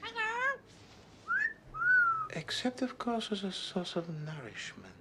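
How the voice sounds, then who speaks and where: An actor playing a vain, fastidious middle-aged Belgian detective with a Belgian French accent, speaking precisely and a little pompously in a period TV drama. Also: male voice, high voice, huge pitch swings, very noisy, exaggerated voice. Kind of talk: 1980s-90s TV period drama acting. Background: background score.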